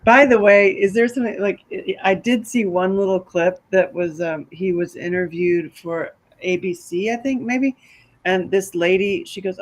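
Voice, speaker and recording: A woman with a mid-range voice co-hosts a relaxed podcast conversation. She tells stories with lively energy and laughs often between her lines. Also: medium pitch, moderate pace, low-quality recording. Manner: animated storyteller who laughs often. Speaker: podcast co-host. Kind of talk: casual chat.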